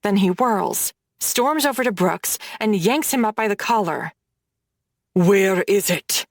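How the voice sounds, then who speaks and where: A woman reading a dark romance audiobook in first person, with dramatic storytelling. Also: medium pitch, animated, normal speed, no room sound, clean studio sound. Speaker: audiobook narrator.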